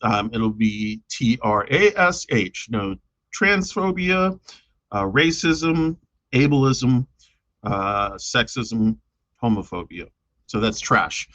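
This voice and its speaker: A man's voice: medium pitch, lively intonation, takes it slowly, fairly bright tone, lo-fi sound. A man chatting casually on a live stream about his own poems, hesitant and self-deprecating, with lots of fillers.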